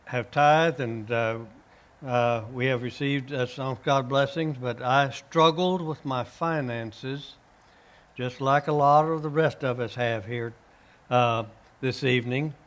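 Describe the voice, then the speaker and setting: A man with a middle-pitched voice tells his faith testimony in earnest. His speech is halting, full of uh fillers and restarts, as he answers the host's questions. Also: steady tone, a bit bright. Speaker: guest, author and minister.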